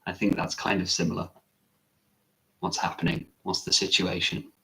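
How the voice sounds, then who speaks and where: A man's voice: low voice, little pitch movement, normal speed, a bit bright. A man, a meditation teacher, chatting casually on a live stream, musing and correcting himself as he answers viewer comments.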